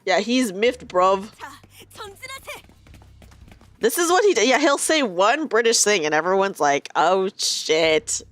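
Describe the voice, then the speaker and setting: A woman's voice: a little high, sing-song, brisk, fairly bright tone. A young woman streaming a game, chatting casually, giggling and reading the game's lines aloud.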